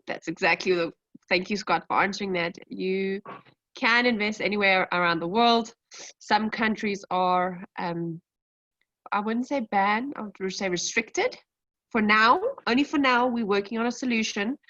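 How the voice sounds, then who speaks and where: A woman's voice: medium pitch, measured pace, pushed and bright, no room sound. A woman on a webinar panel answering audience questions in a reassuring way. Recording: dry, dull sound.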